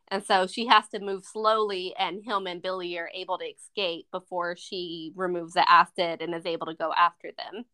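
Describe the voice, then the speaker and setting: A woman's voice: lowish voice, fairly even intonation, normal speed, bright, forceful tone. A woman co-hosting a casual movie review podcast, retelling the plot at length and acting out the characters' lines. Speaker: podcast co-host.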